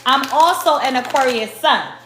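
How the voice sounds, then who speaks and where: A Brooklyn woman with a New York accent gives a spiritual tarot reading, speaking slowly and emphatically to her viewers as the collective. Her voice sits high, and the echoey room carries faint music.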